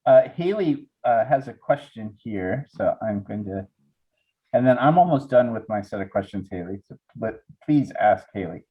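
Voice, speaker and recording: A man's voice: fairly low pitch, lively intonation, moderate pace. A man hosting a casual interview, asking rambling, hesitant questions. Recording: dull lo-fi audio.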